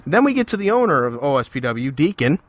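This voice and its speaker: A man's voice: fairly high pitch, sing-song, fast talker, no echo. A man hosting his own podcast, talking alone in a heated, confrontational rant with repeated, emphatic phrasing. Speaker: podcast host. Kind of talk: solo podcast monologue.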